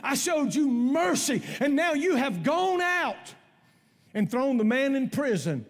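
A man voicing a stern king who angrily revokes his mercy, delivered forcefully within a sermon. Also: very high-pitched, sing-song, slow, in a large hall, pitched above the performer's own voice, heavily acted. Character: stern angry male king passing judgment.

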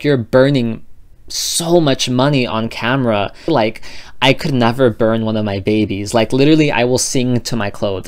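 A man's voice: medium pitch, clear, resonant tone. A man vlogging about fashion to camera, chatty and dramatic, filling his talk with "like" and "you know". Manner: gushing, dramatic, filler-heavy with constant "like". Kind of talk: casual chat to camera.

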